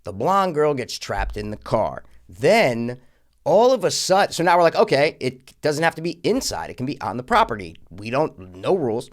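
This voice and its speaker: A man co-hosting a film review podcast in loose, profane rant mode. He talks at a middling pitch and piles on sarcasm, breaking into mocking voices of the characters. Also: moderate pace. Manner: profane, animated ranting with mocking impressions. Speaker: podcast co-host.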